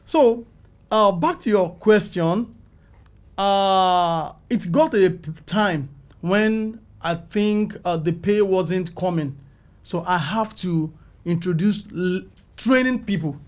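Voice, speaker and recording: A middle-aged Nigerian man tells his story with a fairly high voice. He acts out the people in his story, and his voice jumps up whenever he quotes someone. He sounds like a guest sharing his career in an interview. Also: slow pace. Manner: animated, acts out calls and quotes with rising pitch. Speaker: film makeup artist, guest.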